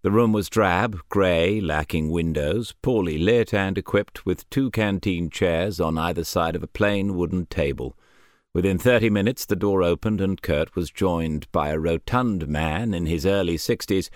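Deep guy narrating an audiobook, dry close sound, steady pace. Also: dry recording. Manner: measured, even storytelling. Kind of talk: scripted narration.

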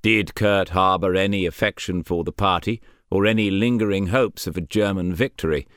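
A man reading an audiobook chapter in measured, even scripted narration. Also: low-pitched, clear, resonant tone, no room sound, studio quality.

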